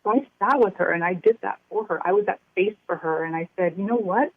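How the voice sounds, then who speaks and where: A woman's voice: on the low side, quick pace, no echo. Earnest woman on a tinny phone line. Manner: earnest, reflective, acts out remembered dialogue. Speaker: workbook co-author. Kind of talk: casual interview talk.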